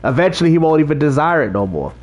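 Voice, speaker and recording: A man's voice: on the high side, animated, fast talker, darkish tone. A man hosting a casual livestream, talking straight to his chat and preaching about faith, often repeating himself. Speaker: livestream host reading chat.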